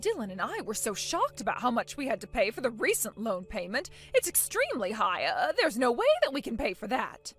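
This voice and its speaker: Bossy and indignant, this middle-aged mother-in-law barks orders and protests at full volume, as a woman acts her out. Her raised voice leaps around in pitch, sitting a little high. Soft music plays beneath this animated story. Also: a little fast, few pauses. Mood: alarmed. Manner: loud, indignant, demanding. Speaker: voice actor. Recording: faint music underneath.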